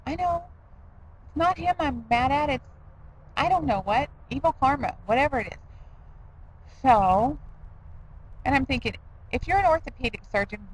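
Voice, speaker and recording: A woman's voice: fairly high pitch, a bit bright, low-quality recording. Chatty self-deprecating middle-aged woman. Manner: rambling, self-deprecating, laughing asides. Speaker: diet vlogger. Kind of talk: casual chatty vlog.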